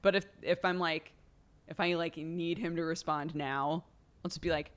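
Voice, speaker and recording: A woman's voice: low-pitched, fairly even intonation, normal speed. A young woman hosting a livestream in casual chat. She says "like" constantly and breaks into laughter often. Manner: chatty, laughs often, heavy use of "like". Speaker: livestream host.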